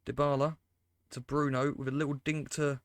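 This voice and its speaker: A man's voice: medium pitch, level tone, normal speed, dry recording. A man giving casual, exasperated, sarcastic commentary on his football management game and talking to his viewers. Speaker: gaming commentator. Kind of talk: casual let's-play commentary.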